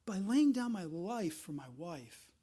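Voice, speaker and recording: High-pitched male pastor preaching. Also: very animated, unhurried, warm tone. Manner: conversational preaching with restarts and acted asides. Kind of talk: sermon.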